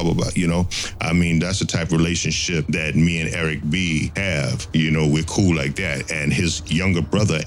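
A man, a rapper, telling animated stories in a casual interview and laughing often as he talks. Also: deep voice, a little hiss or hum. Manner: animated storyteller who laughs a lot.

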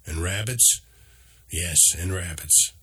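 A man voicing a small male creature who guides a lost companion, speaking calmly and patiently. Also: deep voice, slow pace, husky, heavily acted. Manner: calm, patient, instructive.

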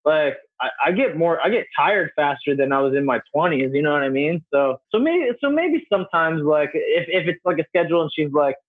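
A man's voice: on the high side, animated, fairly quick, hardly any pauses, husky. A man in his mid thirties, a podcast guest, chatting casually and joking, with lots of fillers and restarts, over a video call. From New Jersey. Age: 30s. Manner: rambling, filler-heavy, jokey. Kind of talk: casual interview chat. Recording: tinny phone-like call audio.

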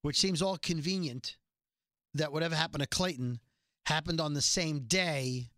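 A man hosts a casual podcast and recaps a TV episode in a chatty, joking way, full of rambling asides. His voice is bright and sits a little high. The sound is dry and close, with no room echo. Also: normal speed. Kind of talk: casual chat.

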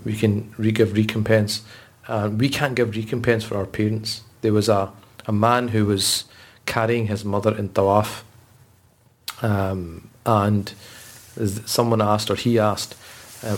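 Man, low voice, earnest, storytelling guest, restarts a lot. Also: level tone, a little slow. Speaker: religious scholar guest. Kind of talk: conversational podcast interview.

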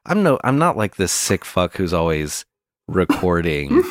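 A man co-hosting a satirical comedy podcast, talking in a mock-serious, deadpan way and often breaking into laughs. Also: sits low, a little slow. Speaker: podcast co-host.

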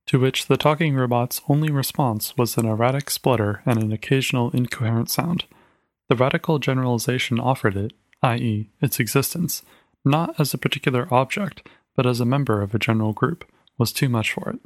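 A man reads a short story aloud in a measured, clear storytelling voice of middling pitch. The recording is close and dry, with no room sound. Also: no room sound. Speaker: narrator. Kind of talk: audiobook reading of a short story.

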